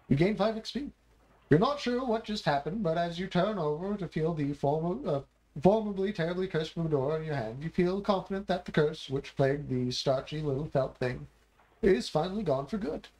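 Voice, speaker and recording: A man streaming a game, casually reading narration aloud with wry asides and quick self-corrections. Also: a little high, darkish tone.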